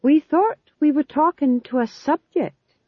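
A young man newly crowned speaks in a raised, urgent voice, as a woman reader acts him out. His tone climbs high and pushes louder than the narration. The audio is dry and a little dull. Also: huge pitch swings, measured pace, no echo, full character voice. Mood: imperious. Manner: anxious, then grandly commanding. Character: young male actor made king, nervous then imperious. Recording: slightly dull lo-fi recording.

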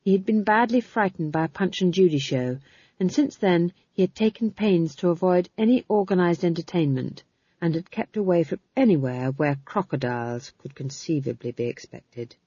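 A woman narrating an audiobook in an expressive storytelling manner. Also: on the low side, moderate pace, slightly rough, no echo. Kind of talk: scripted narration. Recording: dull dry close recording.

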